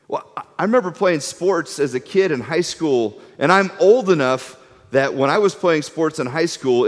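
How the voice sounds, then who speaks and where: Middle-aged man teaching in a reverberant hall. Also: medium pitch. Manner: animated storyteller, often repeats words. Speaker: Bible teacher. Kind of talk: conversational sermon with a map.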